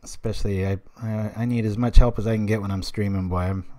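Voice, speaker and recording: A man in his thirties with a fairly low voice talks through his plays in a live card game stream. He drifts into casual, rambling asides and keeps checking in with his chat as he goes. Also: steady tone, fast, warm tone. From United States.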